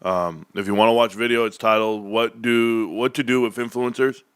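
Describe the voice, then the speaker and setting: A dopey young influencer guy droning along in a slow, low, mocking voice, as a man puts it on. the voice sits well below his normal range and plods through the words. the sound is close and dry. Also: fairly even intonation, smooth, dry recording, natural voice.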